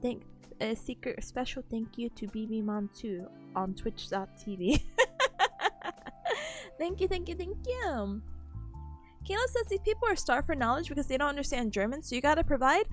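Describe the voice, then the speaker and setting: Bubbly high-voiced young woman streamer. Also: expressive, moderate pace. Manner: bubbly, giggly, greets chat warmly. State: slightly nasal, voice worn from a cold. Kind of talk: casual live-stream chat. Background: faint music.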